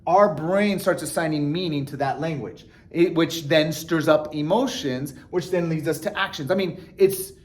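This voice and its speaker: Guy doing a motivational vlog, kinda high voice, earnest, lots of likes and restarts. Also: normal speed, hardly any pauses. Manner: earnest, animated, many fillers and restarts. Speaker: vlogger. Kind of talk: casual motivational talk to camera.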